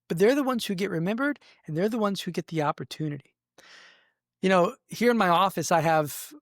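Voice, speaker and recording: A middle-aged man talks earnestly about business, leaning into his stories with emphasis. His voice sits a little high for a man. The sound is dry and close, with no room echo. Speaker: podcast host. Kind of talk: motivational business talk. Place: his office.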